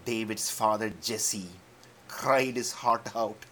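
Slow, dramatic male preacher. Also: lowish voice, a bit bright. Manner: dramatic, slow retelling with modern asides. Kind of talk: sermon storytelling.

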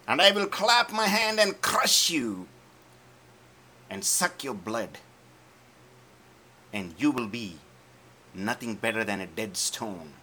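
A man's voice: lowish voice, sharp tone, slightly rough, exaggerated voice. A man voicing a defiant young shepherd boy who declaims his challenge boldly.

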